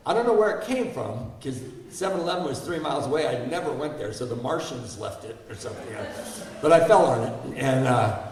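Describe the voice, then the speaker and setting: Man in his 60s, guest speaker, frank and self-mocking, heard from a distance in a big reverberant hall. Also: medium pitch. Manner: candid, self-deprecating, asks the audience questions. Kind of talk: personal recovery story told to an audience. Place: large hall before an audience. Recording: echoey hall, mic far off.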